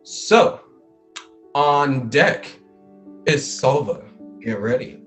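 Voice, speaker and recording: A man's voice: mid-range voice, slow pace, soft background music. A man hosting a poetry slam in a playful way, announcing scores and hyping the crowd with chants. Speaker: slam host. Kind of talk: casual event hosting.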